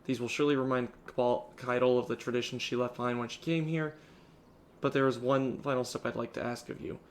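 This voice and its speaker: A sick man reading the lines of an earnest, formal male military commander from a video game, in a measured way. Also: medium pitch, level tone, a little hiss or hum, natural voice.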